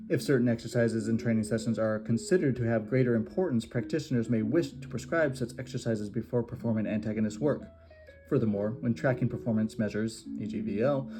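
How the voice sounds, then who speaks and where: A man reading an academic research paper aloud in a steady, measured way, with small slips and restarts. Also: mid-range voice. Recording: guitar music playing behind the voice.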